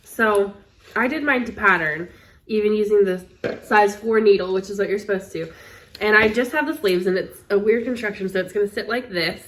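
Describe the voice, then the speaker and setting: A woman co-hosting a podcast, wheezing a little and clearing her throat, chatting in an easygoing, self-deprecating way. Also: medium pitch, a little fast, fairly bright tone. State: wheezy from asthma. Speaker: podcast co-host. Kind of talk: casual chat about knitting.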